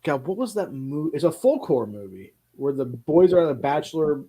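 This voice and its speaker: Man, casual podcast chat, animated storyteller, salty language. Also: on the high side, a little fast, husky. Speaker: podcast co-host.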